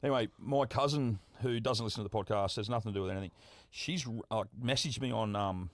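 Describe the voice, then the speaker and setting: A man's voice: fairly low pitch, quick pace, no echo. An Australian man hosting a podcast, telling stories in casual chat, swearing freely and acting out what people said. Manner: swearing, animated storyteller acting out quotes. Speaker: podcast host.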